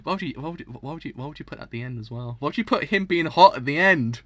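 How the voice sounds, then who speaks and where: A man's voice: on the high side, expressive, fast talker, pushed and bright, no echo. A young man streaming a live reaction, talking with dramatic, exaggerated mock outrage and frequent laughter.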